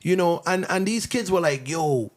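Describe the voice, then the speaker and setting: A man's voice: high voice, normal speed, over a noisy crowd. A man from the Virgin Islands with a Virgin Islands accent, a songwriter chatting as a podcast guest and acting out other people's voices as he tells stories. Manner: animated storytelling, acts out voices of others. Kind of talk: casual chat.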